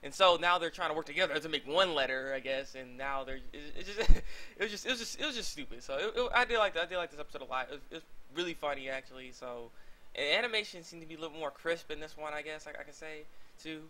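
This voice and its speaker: Fast excitable young man rambling. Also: on the high side. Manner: rambling, excitable, lots of fillers and restarts. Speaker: anime reviewer. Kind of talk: casual video review.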